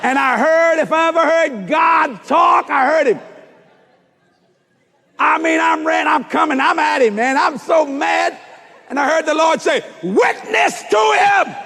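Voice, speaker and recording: A man preaching a sermon as a story, animated and often shouting as he acts out the dialogue. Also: very high voice, a little slow, gravelly, some chatter behind. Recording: reverberant hall.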